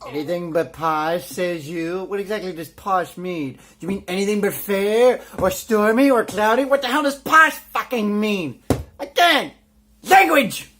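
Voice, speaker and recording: A man's voice: high-pitched, expressive, a little slow, fairly bright tone, a little hiss or hum. Sarcastic man ranting as he reviews. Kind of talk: sarcastic comedic review commentary.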